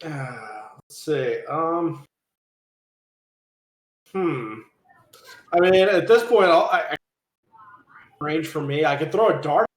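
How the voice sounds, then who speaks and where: A man's voice: on the high side, lively intonation, slow, long pauses. A man playing a tabletop game in casual chat, hesitant and thinking aloud as he works out his moves. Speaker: player. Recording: echoey room.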